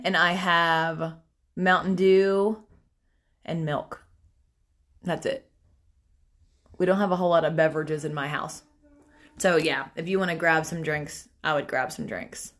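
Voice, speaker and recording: A woman's voice: fairly low pitch, fairly bright tone. A young woman chatting casually through a makeup tutorial on a phone livestream, talking to viewers and family as she works. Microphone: phone camera.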